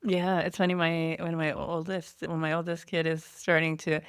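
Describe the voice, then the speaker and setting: A woman's voice: deep voice, flat delivery, moderate pace, smooth, no echo, studio quality. A woman in her forties, a podcast guest, explaining things in a chatty way with light laughs. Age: 40s. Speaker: podcast guest, online store founder. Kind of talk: casual interview chat.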